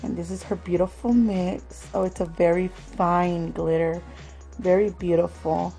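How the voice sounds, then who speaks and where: A woman hosting a craft swap unboxing vlog at home, talking slowly and gently and calling viewers "love" again and again. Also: fairly low pitch, steady tone, creaky, soft background music, poor audio. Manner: slow, gentle, calls viewers "love" often.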